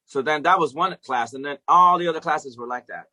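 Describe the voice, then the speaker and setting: A middle-aged man, a music educator, telling stories as a guest in a casual interview, animated and profane, laughing often. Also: mid-range voice, fast, hardly any pauses.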